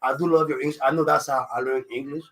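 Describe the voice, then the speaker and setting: A man's voice: medium pitch, steady tone, fast talker, fairly bright tone. A man from Africa with a French accent, hosting a live radio talk show in a studio and chatting casually, with filler phrases in nearly every line. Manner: rambling, constant "you know what I'm saying" fillers; confident, jokey. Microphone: studio microphone.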